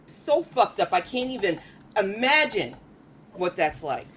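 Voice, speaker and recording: A woman's voice: mid-range voice, big pitch swings, a little slow, fairly bright tone. A woman streamer in an emotional livestream monologue, aggrieved and declaring her position, swearing now and then. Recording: faint background noise.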